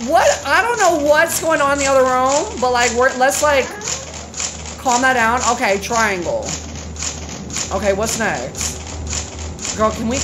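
Young woman streamer yelling at her game, high voice bouncing all over, music playing behind. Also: background noise. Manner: excitable, loud outbursts, slangy and profane. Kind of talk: live game stream chat.

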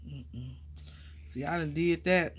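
A woman vlogging casually while mounting stamps, chatty and excitable, calling viewers y'all and honey, and dropping to quiet murmurs as she works. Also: deep voice, slow pace, husky. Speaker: crafting vlogger. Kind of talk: casual chat while crafting.

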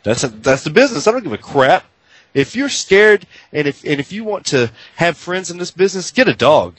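A man's voice: a little high, sing-song, a little fast, a bit bright, husky, no echo, low-quality recording. A man from New Jersey co-hosting a wrestling radio show, brash and loose in casual banter. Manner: brash, trash-talking, loose. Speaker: co-host.

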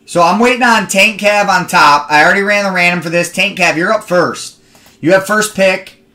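A man's voice: sits high, moderate pace, sharp tone. A young man hosting a live card break stream, chatting with viewers and rambling into stories between picks.

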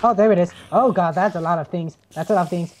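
Lowish, jokey woman gamer. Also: fast talker. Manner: jokey, repeats herself and stammers when excited. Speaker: gamer on a team. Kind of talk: casual let's-play chat.

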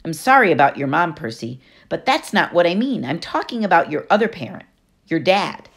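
A woman narrator plays a clever, self-assured teenage girl in an audiobook. She explains with patient certainty and lively, rising pitch. Her tone stays low-set and even. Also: brisk. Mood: knowing. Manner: knowing and explanatory.

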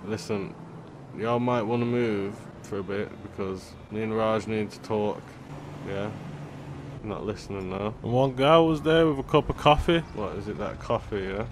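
A young man giving gameplay commentary, loud, swearing often and full of street slang. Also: lowish voice, moderate pace, noisy background. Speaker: gaming YouTuber.

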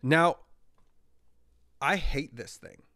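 Lively higher-voiced man, breathwork coach. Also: extremely slow. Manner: energetic, impulsive, acts out examples. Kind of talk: casual podcast conversation.

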